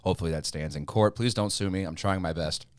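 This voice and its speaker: A man's voice: low-pitched, fast talker, clean tone, no echo. A man who runs the podcast network, chatting casually and making dry, joking asides. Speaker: network founder and CEO.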